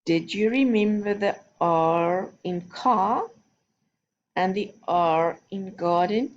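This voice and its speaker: A woman's voice: mid-range voice, slow pace, lo-fi sound. A woman teaching a recorded phonics lesson to young children, giving patient, step-by-step instructions. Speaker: primary school teacher.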